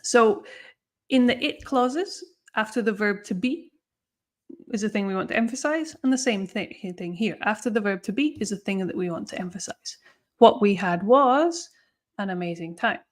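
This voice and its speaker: A woman's voice: mid-range voice, moderate pace. A woman teaching English grammar in a live online lesson, explaining patiently and often checking in with "okay?" and "no?".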